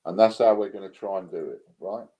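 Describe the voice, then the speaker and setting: A British man hosting a casual live stream, relaxed as he counts down bids. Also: sits low, brisk, highs cut off. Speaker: live stream host running coin auctions.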